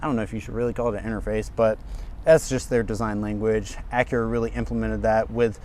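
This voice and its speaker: A man giving an energetic, chatty walkaround car review outdoors at a dealership, talking straight to his viewers. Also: on the low side, fast, slight background noise.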